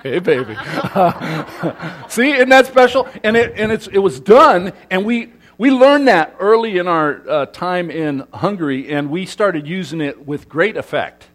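A middle-aged man from Southern California, his voice high, a bit bright and animated, talks to a congregation at an unhurried pace with hardly any pauses. He's playful throughout, quizzing the live audience and joking with them.

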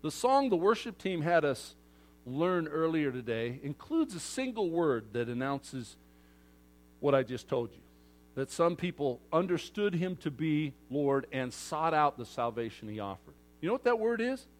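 A man preaching a sermon to his congregation in a lively way, acting out crowd voices and moving from loud outbursts to hushed asides. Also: on the high side, a little slow. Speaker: pastor.

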